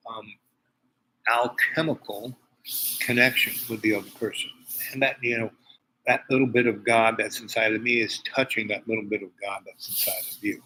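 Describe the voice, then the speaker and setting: A man's voice: fairly low pitch, pushed and bright, slight background noise, rough recording. An older man from Harlem, talking in a rambling personal monologue full of asides and restarts. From Harlem, New York. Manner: digressive storytelling with many restarts and asides. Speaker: host.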